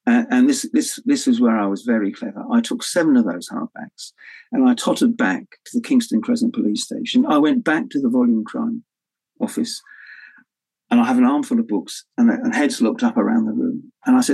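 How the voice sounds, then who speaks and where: An older man telling stories as an interview guest, his voice sitting at an ordinary middle pitch. He animates his tales by slipping into the voices of the people he quotes, salting them with the odd swear word and laugh. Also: brisk, vocal fry, darkish tone, slightly rough, poor audio. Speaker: author guest. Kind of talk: anecdotal storytelling.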